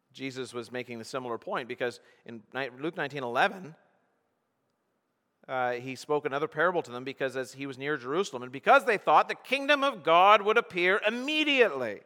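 A man's voice: mid-range voice, lively intonation, brisk, sharp tone. A pastor preaching an expository sermon, earnest and emphatic, often restarting his phrases as he works through the text. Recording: long hall reverb.

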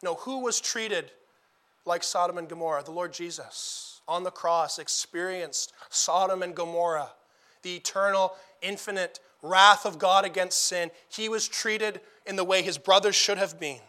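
Male preacher, high bright voice, emphatic sermon delivery with repeated phrases. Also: a little slow. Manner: emphatic, repeats phrases for stress, rising to loud declarations.

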